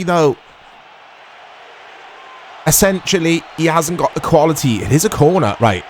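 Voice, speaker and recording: A man's voice: a little high, normal speed, pauses often, slight background noise. Chatty man commentating his football game. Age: 30s. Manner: chatty, easily excitable, self-deprecating. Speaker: gaming YouTuber. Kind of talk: casual gameplay commentary.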